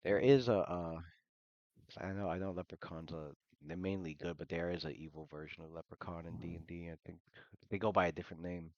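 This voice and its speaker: A man's voice: deep voice, fairly even intonation, brisk, a little mellow, no echo, muffled recording. A man running a live-streamed tabletop game, narrating and rambling casually with many fillers. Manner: rambling, filler-heavy, laughing. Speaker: game master.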